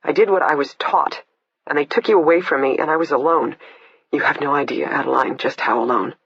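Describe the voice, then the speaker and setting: A man reading the part of a blunt, swearing woman killer, the narrator's imprisoned older sister, in a husky voice. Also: a little high, brisk, a bit bright, dry recording, full character voice. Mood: confessing. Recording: dull lo-fi, dry.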